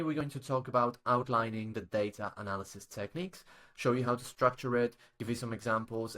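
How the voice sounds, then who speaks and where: A man gives a recorded online lecture on academic writing. His pitch sits in the middle of the usual range for men. He explains each point patiently and keeps checking in with his listeners through tag questions and small fillers. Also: a bit bright.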